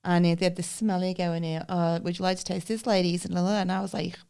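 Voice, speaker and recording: She speaks fast in a lowish, creaky yet smooth voice as co-host of a casual podcast, relating funny anecdotes and lively imitating the people who appear in them.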